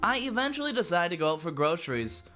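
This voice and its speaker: Over faint background music, a man with a high-pitched voice talks fast as he reads aloud a fan fiction written about him. He keeps stopping to mock it, his delivery sarcastic and animated as dramatic reading alternates with snide commentary.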